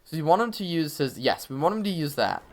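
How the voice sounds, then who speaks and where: A young man talks through a live game stream, walking viewers through a boss fight in a loose, chatty way. His voice sits a little high, and he laughs and says "um" often. Soft game music plays faintly behind him. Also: very animated, fast talker. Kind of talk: live gameplay commentary and tips.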